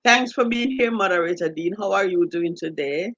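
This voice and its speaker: A woman's voice: fairly low pitch, normal speed, fairly bright tone, dry recording, dull audio. A woman with a Jamaican accent hosting a live stream, reading out viewer comments and greeting each viewer by name. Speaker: livestream host.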